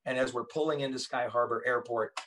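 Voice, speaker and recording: A man's voice: medium pitch, steady tone, brisk, fairly bright tone, recorded from a distance, low-quality recording. A man, a former police officer, telling stories as a podcast guest in an earnest, emphatic way. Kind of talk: casual storytelling conversation.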